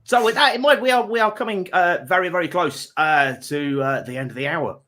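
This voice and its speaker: A man's voice: sits high, fairly quick, pushed and bright. A man hosting a charity livestream, telling a long prank story with chuckles and rambling asides. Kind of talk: casual chat, telling an anecdote.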